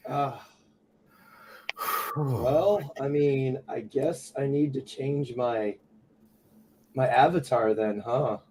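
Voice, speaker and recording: A man's voice: mid-range voice, drawn-out words, pauses often, warm tone, slight background noise. A man in casual voice chat, playful and self-mocking.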